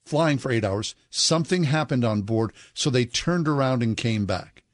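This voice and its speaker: A man's voice: mid-range voice, normal speed, no room sound, clean studio sound. A man co-hosting a radio show, chatting casually and telling odd news stories. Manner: chatty, relaxed storyteller with frequent "mm-hmm". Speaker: radio co-host.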